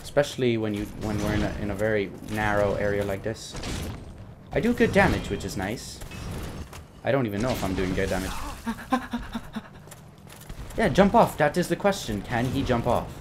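A man's voice: on the low side, big pitch swings, moderate pace, long pauses, background noise. A young man giving casual commentary while playing a game, rambling, joking and swearing at enemies. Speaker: gameplay commentator. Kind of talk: casual let's-play commentary.

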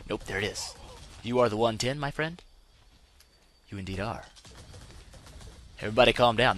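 A young man hosting a gaming channel, giving excitable let's-play commentary and yelping when things go wrong. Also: mid-range voice, normal speed, long pauses. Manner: excitable, yelps and laughs when in trouble.

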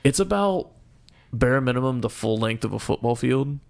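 Man, young adult, podcast co-host, gravelly, mid pitch, profane, animated storytelling. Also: normal speed. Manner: profane, animated storyteller who acts out quotes. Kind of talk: casual storytelling chat.

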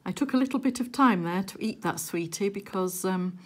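A woman chatting casually while she works on a diamond painting at home, with gentle, softly murmured asides. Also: mid-range voice, a little fast. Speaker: crafting vlogger.

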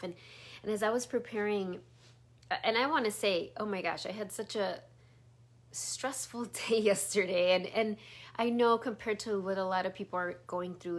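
Soft-spoken woman giving a spiritual talk. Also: mid-range voice. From Chicago area. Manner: soft, meandering, drops to a whisper at times. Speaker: spiritual teacher.

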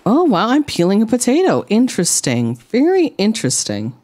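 A woman streaming a game, chatting to her viewers with rambling, deadpan jokes. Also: fairly high pitch, normal speed. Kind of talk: casual gameplay commentary.

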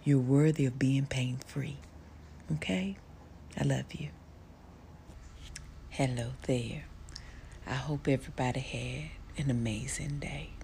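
A middle-aged woman giving a gentle, affectionate motivational talk to the camera, soft-spoken and often dropping to a whisper, with folksy phrasing and endearments like honey and baby. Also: rumbling low, slow pace, gravelly, long pauses, slight background noise. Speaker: social media personality.

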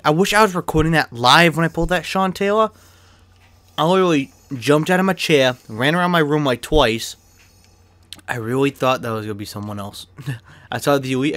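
A young man chatting casually while opening card packs in a video game, excitable and swearing freely, with a cough and an irritated throat. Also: mid-range voice, no room sound. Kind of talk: casual pack-opening commentary. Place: his bedroom.

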